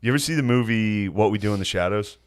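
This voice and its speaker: A man co-hosting a podcast in casual chat, excitable and joking, egging on the stories. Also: on the low side, fast talker, clean tone, no room sound. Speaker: podcast co-host.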